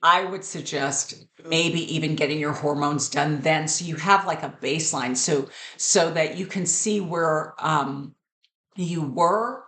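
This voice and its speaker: A woman's voice: low voice, measured pace, a bit bright, roomy sound. Candid woman in her fifties. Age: 50s. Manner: candid, earnest, with fillers and repeats. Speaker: vlogger. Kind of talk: personal vlog talk to camera.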